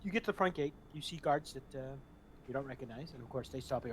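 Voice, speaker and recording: A man narrating as game master, telling the story in a relaxed way with fillers and restarts. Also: medium pitch, quick pace, a little hiss or hum.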